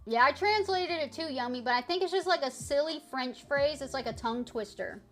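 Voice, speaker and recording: A woman streamer chatting casually and playfully, swearing freely and sounding out French words slowly. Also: high voice, lively intonation, soft background music. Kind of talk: casual live-stream chat.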